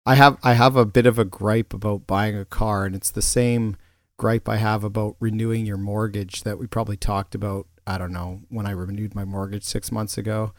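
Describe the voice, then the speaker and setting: Rambling in casual chat with many fillers and restarts, a man co-hosts a podcast. His voice sits on the low side with little pitch movement, and he keeps a moderate pace. The recording is dry, with clean studio sound.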